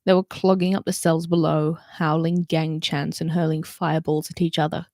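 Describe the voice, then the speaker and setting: A woman's voice: deep voice, little pitch movement, moderate pace, mellow, dry recording, studio quality. A woman reading a novel aloud and doing voices for the characters, with chatty asides between passages. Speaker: reader.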